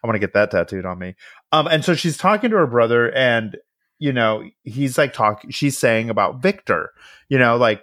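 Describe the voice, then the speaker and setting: Man, podcast co-host, casual film recap, lively swings in pitch, acts out lines, swears freely. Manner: animated, acts out characters' lines in quick bursts, swears freely.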